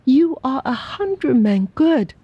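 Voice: high-pitched, big pitch swings, takes it slowly, slightly rough, dry recording, muffled recording, voice pushed up, heavily acted. A reader playing a frail, grieving mother who speaks in a quavering voice, in a storybook reading. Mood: pleading. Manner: quavering, broken English.

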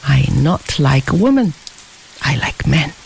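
Earnest young boy in broken English, put on by the book's reader, lilting and slow-spoken. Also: mid-range voice, very animated, gravelly, slight background noise, exaggerated voice, poor audio. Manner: broken English, short clipped sentences.

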